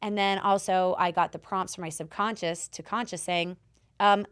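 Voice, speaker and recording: A woman hosting a podcast, telling stories in casual chat, swearing freely and acting out quotes with a loud, lively voice. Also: lowish voice, moderate pace, clean tone. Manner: animated storyteller who swears and acts out quotes loudly. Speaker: podcast host. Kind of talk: casual chat, coaching advice.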